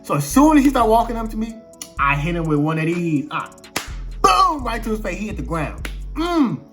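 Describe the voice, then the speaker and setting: A young man tells a personal story to camera in a casual, slangy way, his voice sitting a little high for a man. He acts out each exchange as he retells it. Faint music plays quietly underneath. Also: moderate pace. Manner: animated, slangy retelling full of quoted exchanges. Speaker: vlogger telling a personal story.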